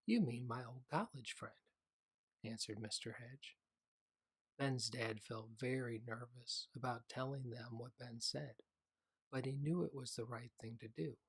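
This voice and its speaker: A man narrating a children's audiobook in a slow, gentle reading voice. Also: mid-range voice, fairly even intonation, slightly rough.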